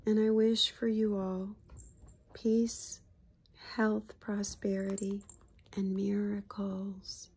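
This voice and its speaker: A woman hypnotherapist giving a casual spiritual reflection, soft-spoken and heartfelt, sometimes sinking into hushed murmurs. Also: mid-range voice, little pitch movement, slow pace, slightly rough.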